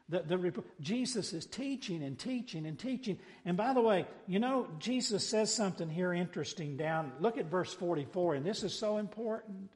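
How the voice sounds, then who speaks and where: Male pastor, high-pitched and lively, preaching with sudden loud emphasis in a big reverberant hall. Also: normal speed. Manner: animated preaching, swinging between soft asides and loud cries. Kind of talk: sermon.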